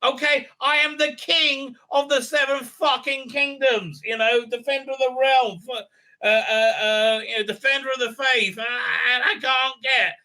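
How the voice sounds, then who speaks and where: A man's voice: very high voice, fairly even intonation, unhurried, bright, forceful tone, pitched above the performer's own voice, exaggerated voice. A man voicing an exhausted, exasperated old king who curses and pleads that he is falling apart. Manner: whiny, cursing, pleading.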